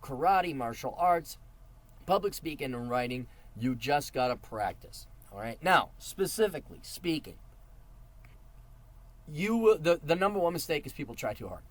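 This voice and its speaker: A man's voice: a little high, sing-song, normal speed. A middle-aged man giving advice in a casual monologue, blunt and profane with a mocking edge.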